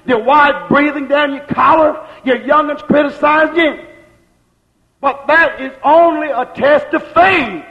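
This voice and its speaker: A man preaching a sermon, slowing down and shouting at the high points. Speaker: pastor. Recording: reverberant church, dull lo-fi sound.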